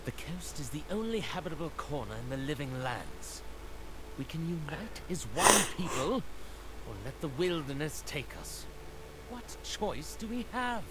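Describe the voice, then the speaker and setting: A man's voice: on the high side, animated, measured pace. An actor playing a contemptuous, fanatical male prisoner in a video game. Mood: defiant. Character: defiant male zealot prisoner, cold. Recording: game audio with ambient noise.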